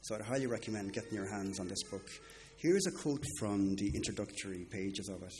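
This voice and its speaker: A man preaching an earnest sermon, quoting scripture and recommending books, with brisk asides. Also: fairly low pitch, darkish tone, a little hiss or hum.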